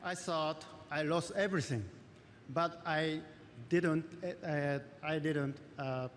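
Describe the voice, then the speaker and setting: A man with a Japanese accent giving a halting, emotional award acceptance speech, pausing often between phrases. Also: fairly high pitch, fairly even intonation, noisy background. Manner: halting, emotional, many pauses. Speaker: award recipient. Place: large event hall. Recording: distant hall recording with crowd.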